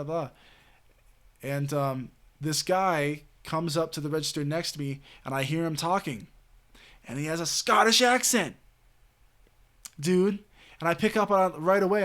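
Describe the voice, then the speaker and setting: A man's voice: a little high, a bit bright. A man streaming late at night, telling a story in a rambling, casual way with lots of fillers and swearing. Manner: rambling, heavy filler words and frequent swearing.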